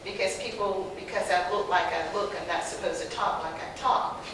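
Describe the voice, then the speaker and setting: An older woman with a Southern accent, telling lively stories on a panel, acting out the dialogue and laughing often. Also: mid-range voice, moderate pace. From North Carolina. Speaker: panelist, former teacher. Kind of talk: personal storytelling on a panel. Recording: very echoey distant hall recording with background noise.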